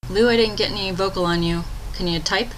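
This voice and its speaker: A woman coordinating an online voice chat meeting, briskly calling on each person in turn. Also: mid-range voice, low-quality recording. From United States. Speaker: meeting coordinator running roll call. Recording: voice chat with faint background noise.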